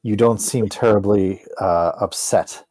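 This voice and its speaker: A man playing in a tabletop game, pausing to search for words. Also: fairly low pitch, a little mellow, no echo, faint music behind. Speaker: player.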